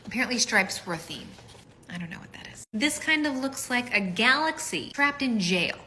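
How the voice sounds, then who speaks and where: A woman's voice: a little high, animated, normal speed, bright, forceful tone, a little hiss or hum. A woman in her thirties telling funny stories in a casual vlog, chatty and swearing, laughing often. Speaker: vlogger, mom.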